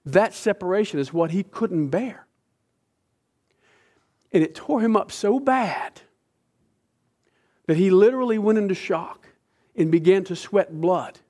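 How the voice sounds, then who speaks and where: Impassioned preacher, higher male voice. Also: animated, unhurried, pauses often. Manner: impassioned, dramatic delivery with sudden swings in loudness. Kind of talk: sermon.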